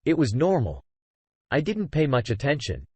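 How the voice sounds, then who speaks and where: Male storyteller, earnest and conversational; lively pitch, dry close recording. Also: normal speed, husky, no room sound. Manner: conversational, frequent "you know" fillers. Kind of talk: first-person story narration.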